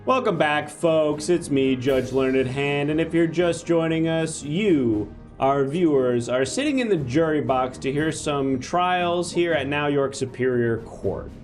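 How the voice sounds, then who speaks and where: A man's voice: on the high side, soft background music, natural voice. A man playing a chatty courtroom judge who hosts a live comedy stream and thanks viewers. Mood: upbeat. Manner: brisk, thanks viewers, reads chat. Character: male courtroom judge, chatty show host.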